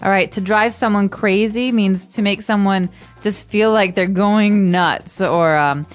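A woman explains English phrases on a learning podcast, casual and friendly, and grounds each one in an everyday example. Her voice sits at a middling pitch. Faint music plays softly behind her. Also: fairly even intonation, a little slow. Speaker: co-host and English teacher.

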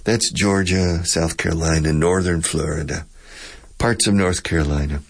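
Gravelly, deep-voiced male English teacher. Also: fairly even intonation, normal speed. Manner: explanatory, repeats words to demonstrate pronunciation. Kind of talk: radio English lesson.

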